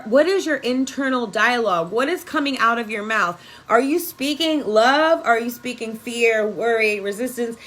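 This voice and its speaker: A woman's voice: on the high side, fairly bright tone, rough recording. A woman energy worker giving an emphatic, profane spiritual pep talk on a phone live video.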